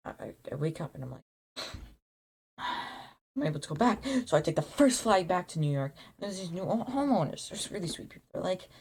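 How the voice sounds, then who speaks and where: A man telling an absurd made-up origin story in a rambling, deadpan way, full of restarts and acted-out quotes. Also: sits high, moderate pace, vocal fry, husky. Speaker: YouTuber.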